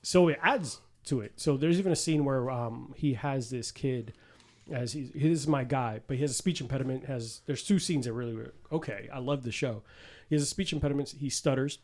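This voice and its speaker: A man hosting a podcast, chatting casually and telling animated stories, swearing freely and acting out quotes. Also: medium pitch, brisk. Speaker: podcast host. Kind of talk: casual chat.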